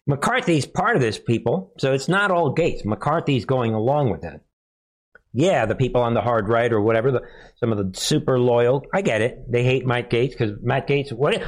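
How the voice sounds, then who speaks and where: A man hosting his own political commentary channel, talking casually to viewers, animated and chuckling often. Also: mid-range voice, normal speed.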